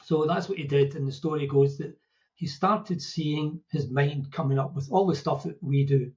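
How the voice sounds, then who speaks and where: Scottish man with a dark, mellow voice. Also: fairly high pitch, normal speed, muffled recording. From Scotland. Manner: conversational storytelling with asides and quips. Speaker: podcast guest explaining Buddhist ideas. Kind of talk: casual explanatory talk.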